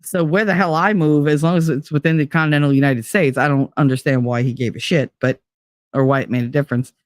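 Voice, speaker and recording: A woman's voice: low voice, fast, dry recording, clean studio sound. A middle-aged woman, sick with a cold, rambling bluntly and profanely to her stream viewers. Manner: blunt, profane, animated storytelling. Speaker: livestream host. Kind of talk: casual rambling chat to viewers.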